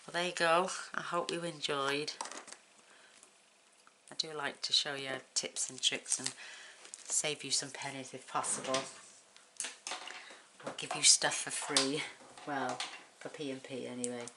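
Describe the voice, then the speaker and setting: Very deep-voiced woman crafting tutorial host. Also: steady tone, unhurried, long pauses, pushed and bright, slight background noise, low-quality recording. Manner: chatty, counts items aloud, talks while working.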